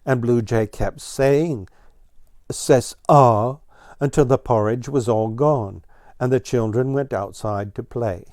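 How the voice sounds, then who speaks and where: A man reading a children's story aloud in a slow, even storytelling manner. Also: medium pitch, dry recording, clean studio sound. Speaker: storybook reader.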